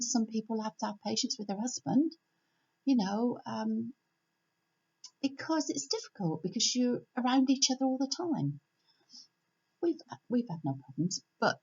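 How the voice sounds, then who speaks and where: An older woman giving a homely, gentle devotional talk from home, repeating her key phrases. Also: a little high, slightly rough. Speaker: church speaker. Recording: dull lo-fi home recording.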